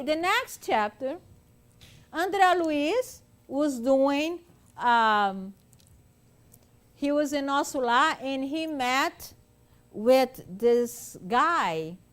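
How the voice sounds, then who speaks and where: Slow, animated woman lecturing a class. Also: high-pitched. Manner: animated storytelling, acting out quotes, many fillers. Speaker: spiritist lecturer.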